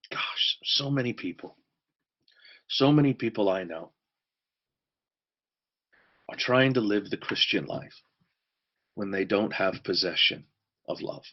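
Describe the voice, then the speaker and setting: A man teaches a church course in a fairly low voice. He drives his points home by repeating key words. The recording sounds dull and lo-fi. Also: slow, pauses often.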